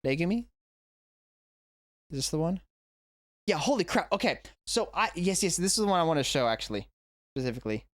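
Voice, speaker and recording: A man's voice: fairly high pitch, lively intonation, brisk, long pauses, dry recording, studio quality. A man, an English teacher, talking through a reaction video at home in a rambling, self-correcting way. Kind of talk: casual reaction vlog. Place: indoors at home.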